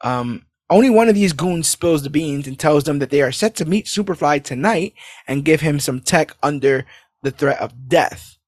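Animated high-voiced New man. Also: normal speed, no room sound, studio quality. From New York City. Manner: animated, laughing, acts out lines. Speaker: podcast co-host. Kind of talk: casual movie recap chat.

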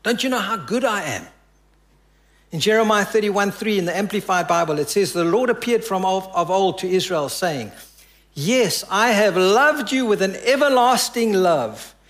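A male pastor preaching a sermon, telling a story and dropping his voice low and soft for quoted lines. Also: expressive, moderate pace.

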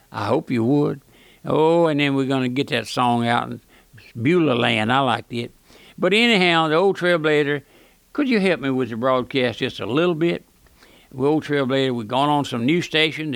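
An older man preaching a radio sermon in a gravelly voice that sits a little high. He is emphatic and folksy and keeps repeating his phrases, and the recording is dry and close. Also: a bit bright, no room sound. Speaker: radio pastor.

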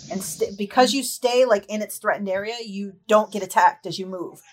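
A woman running a tabletop game as game master, describing the action in a lively, laughing way. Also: mid-range voice, moderate pace.

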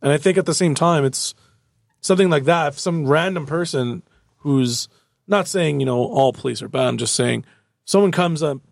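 A man's voice: a little high, normal speed, creaky, no echo, studio quality. A man in a casual chat who rambles through stories with many fillers and swearing.

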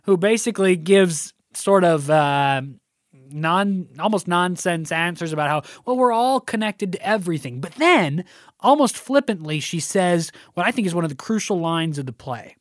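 Animated man breaking down a play. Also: moderate pace, no room sound, clean studio sound. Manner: animated, acts out quoted lines with big pitch jumps. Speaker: co-host discussing a play. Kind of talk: casual analytical discussion.

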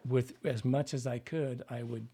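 In an interview, a man tells loose, rambling anecdotes about working as a dialect coach. His medium-pitched voice is mellow, dark and husky, with a steady tone and normal speed, and he keeps restarting and adding fillers.

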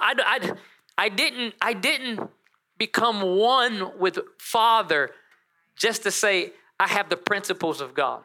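Male pastor, sermon delivery, bright forceful voice, animated storyteller with playful asides. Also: high voice.

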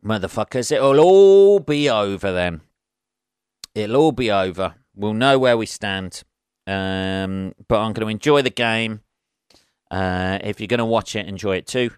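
Man, solo podcast host, sweary, rambling, self-deprecating, smooth voice, dry close recording. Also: lowish voice, moderate pace, dry recording.

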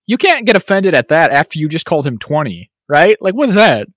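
A man's voice: on the high side, brisk, no echo, studio quality. A man co-hosting a podcast in casual chat, rambling and laughing as he talks. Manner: rambling, animated, laughs often. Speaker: podcast co-host.

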